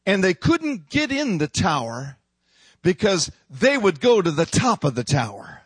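Male preacher, high voice, unhurried emphatic sermon, dry close sound. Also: very animated, breathy edge, no echo. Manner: emphatic, call-and-response preaching.

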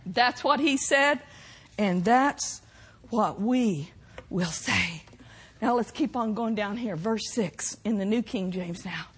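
A woman preaching a fervent sermon, shouting proclamations and exclaiming hallelujah. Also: medium pitch, takes it slowly, breathy edge, long reverb tail.

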